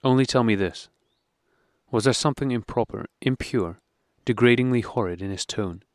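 A man's voice: medium pitch, normal speed, dry recording, natural voice. A man reading an audiobook, voicing a jealous, brooding husband who speaks curtly and dryly. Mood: bitter. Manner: curt and dry.

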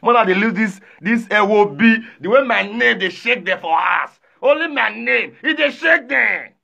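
High, bright Nigerian man streaming live. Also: normal speed, creaky, breathy edge. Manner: animated, often shouting and laughing, repeating phrases. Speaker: live streamer reading viewer comments. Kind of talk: casual live-stream chat.

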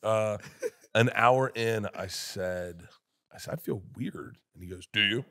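A man's voice: fairly low pitch, measured pace. A man spins long, rambling anecdotes on a podcast as a comedian guest. He acts out the voices of everyone in his stories and keeps breaking into laughter as he goes. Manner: loud rambling storyteller, acts out others' voices, laughs often. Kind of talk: casual podcast storytelling.

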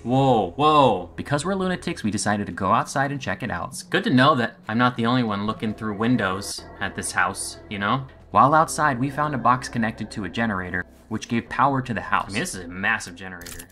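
A man narrating his horror game playthrough with a bright, forceful voice, joking his way through the scares and chatting to whatever lurks in the dark. Faint game music sits softly underneath. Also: lowish voice, lively intonation, brisk, few pauses. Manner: jokey, talks to the game, easily spooked. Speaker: game streamer. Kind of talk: let's play commentary.

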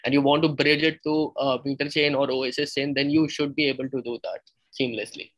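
Founder: 20s man, Indian accent, flat, hesitant, filler-heavy; on a video call. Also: mid-range voice, fairly quick, rough recording. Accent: Indian English. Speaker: startup founder presenting. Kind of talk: casual video call pitch.

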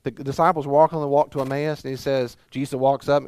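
A man's voice: mid-range voice, flat delivery, brisk, darkish tone, clean tone, dry recording. A man from Mississippi with a Southern accent, preaching a sermon as pastor, emphatic and full of rhetorical questions.

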